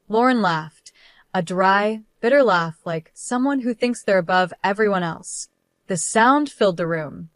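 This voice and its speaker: A woman's voice: mid-range voice, expressive, moderate pace, no echo, clean studio sound. A woman narrating a dramatic first-person story with tense, emotional delivery.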